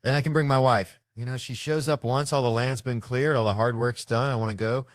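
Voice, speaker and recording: A man's voice: medium pitch, steady tone, brisk, dry recording, clean studio sound. A man, a touring comedian, chatting casually as an interview guest and telling rambling, joking stories. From United States.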